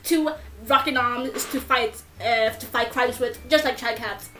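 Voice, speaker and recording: A gleeful, chaotic male crime fighter in a cat suit, as a young woman puts him on in a role-play game. He talks high and giggly with a put-on accent, as if everything is a joke. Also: a little slow, pushed and bright, soft background music.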